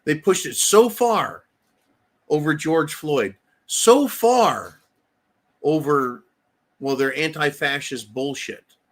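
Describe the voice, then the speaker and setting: Man, middle-aged, angry ranting host, swears a lot, bright forceful voice. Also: on the high side. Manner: profane, ranting, emphatic. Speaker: host reading viewer comments. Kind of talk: live stream commentary.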